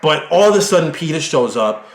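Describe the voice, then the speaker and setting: A man voicing a foul-mouthed male centaur refugee who shouts indignantly, recorded in an echoey room. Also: on the high side, expressive, a little fast, voice pushed down, lightly acted. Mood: emotional.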